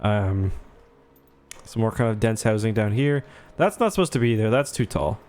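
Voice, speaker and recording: A man's voice: on the low side, expressive, normal speed, darkish tone. Chatty young man streaming a game. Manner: chatty, rambling, thanks viewers. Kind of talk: casual gameplay livestream.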